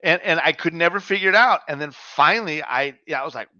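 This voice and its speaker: Middle-aged man, podcast co-host, casual chat, slightly high bright voice, dry dull recording. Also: fast, no room sound. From Mexican heritage. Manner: laid-back storyteller, swears freely, says "man" and "dog".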